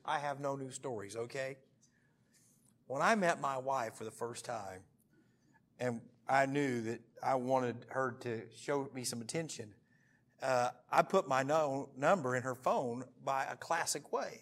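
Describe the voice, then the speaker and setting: A man in his thirties preaching a sermon to a church group, telling jokey stories and breaking into sudden loud bursts. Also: medium pitch, normal speed. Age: 30s. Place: church meeting room.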